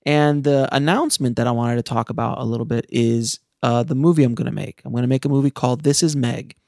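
A middle-aged man speaks to his listeners in a gravelly, fry-edged voice at an ordinary pitch. His delivery is earnest and passionate, with many restarts as he goes. The recording is dry, with no room sound around him. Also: fairly even intonation, quick pace, darkish tone, no room sound. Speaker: filmmaker and podcast host. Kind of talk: casual monologue to listeners.

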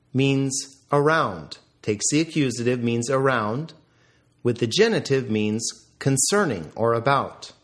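A man teaching, reviewing vocabulary in a deliberate lecture style with careful pronunciation drills. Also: medium pitch.

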